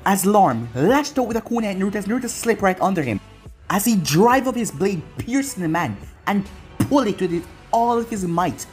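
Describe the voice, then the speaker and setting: Fan fic reader narrating an anime story, really sing-song pitch, lil bit of music in the back. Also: big pitch swings, fairly quick, a little mellow. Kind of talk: reading fan fiction aloud.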